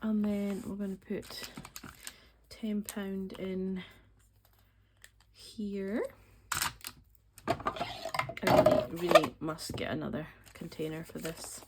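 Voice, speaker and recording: A woman's voice: mid-range voice, steady tone, takes it slowly, long pauses, heavy background noise. A Scottish woman in her forties, chatting casually and counting money aloud, rambling with lots of ums. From Scottish Highlands. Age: 40s. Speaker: budgeting vlogger. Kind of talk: casual chatty voice-over while cash stuffing.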